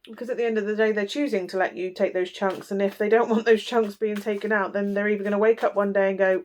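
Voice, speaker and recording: A woman's voice: mid-range voice, fairly even intonation, normal speed, a little mellow. A woman giving a casual tarot reading, talking bluntly and chattily with lots of fillers. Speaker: tarot reader.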